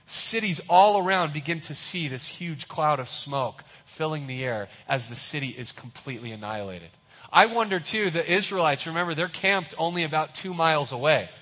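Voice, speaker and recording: A man preaches in a large hall, and his voice carries a long reverb. He tells the story vividly, slipping into the voices of bystanders. His voice sits a little higher than most men's. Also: animated, normal speed, pushed and bright, breathy edge. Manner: vivid, acts out onlookers' voices. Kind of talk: sermon storytelling.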